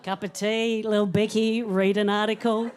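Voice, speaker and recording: A woman's voice: mid-range voice, flat delivery, moderate pace, a little mellow. A woman in her thirties doing a stand-up set on a comedy club stage, chatty and self-mocking, laughing through her punchlines.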